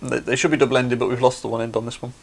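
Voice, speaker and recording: A man's voice: mid-range voice, level tone, very fast, vocal fry, slight background noise. A man hosting a craft livestream, chatty and explaining things step by step. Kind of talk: casual demonstration.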